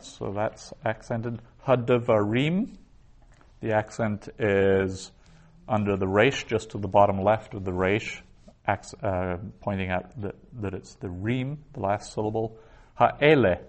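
A man with a fairly low voice gives a patient classroom lecture. He explains step by step and sounds out each Hebrew word slowly and carefully. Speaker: Biblical Hebrew teacher.

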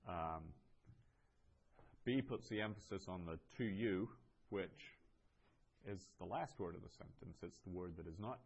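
Low-voiced man teaching a class. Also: vocal fry, highs cut off. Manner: explanatory, pauses and restarts, reads Greek aloud. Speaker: Greek teacher. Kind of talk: classroom lecture.

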